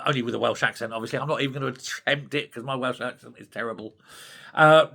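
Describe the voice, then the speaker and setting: A man's voice: mid-range voice, bright, forceful tone, husky. An older British man hosting his own opinion channel, ranting in an indignant, scornful way. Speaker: commentary channel host. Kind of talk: opinionated solo commentary.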